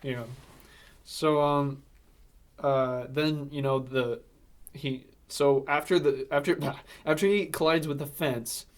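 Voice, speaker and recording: A man's voice: fairly high pitch, fairly even intonation, slow. A man co-hosting a podcast, retelling a film's plot in casual chat with lots of fillers and laughs. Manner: rambling, filler-heavy, laughs often. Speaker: podcast co-host. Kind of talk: casual movie recap chat.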